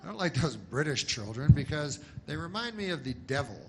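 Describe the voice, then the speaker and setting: A male stand-up comedian telling jokes in a deadpan, rambling way, with long digressive setups full of filler words. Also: on the high side, fairly quick, heavy background noise.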